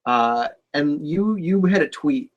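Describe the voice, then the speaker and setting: A man co-hosting a casual wrestling talk show, relaxed, with short agreeing replies and dry jokes. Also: fairly high pitch, slow, lo-fi sound. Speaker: wrestling podcast co-host. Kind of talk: casual chat.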